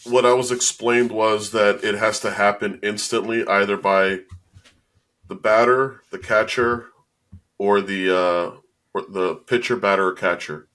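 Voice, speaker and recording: Chatty man with a low voice. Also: fairly even intonation, a little slow, a bit bright. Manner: chatty, hedging with lots of "like" and restarts. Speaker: podcast co-host. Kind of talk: casual sports chat.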